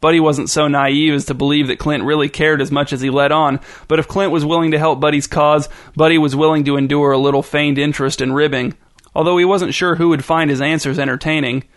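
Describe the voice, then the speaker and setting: A man's voice: on the high side, little pitch movement, a little fast. A man reading a story aloud as narrator in a dry, wry manner.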